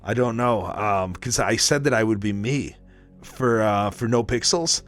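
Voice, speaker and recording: A man chatting casually with his live stream audience. He rambles excitably, swears constantly and breaks into laughter between stories. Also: lowish voice, measured pace, faint music behind. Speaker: livestreamer.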